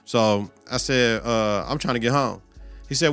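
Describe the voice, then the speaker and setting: A man hosting his own podcast in a loose, profanity-heavy rant. His voice is bright and forceful, and it jumps from loud outbursts to low, muttered asides. Faint music plays underneath. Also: unhurried, clear, resonant tone. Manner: animated, heavy cursing, swings loud and soft. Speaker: podcast host.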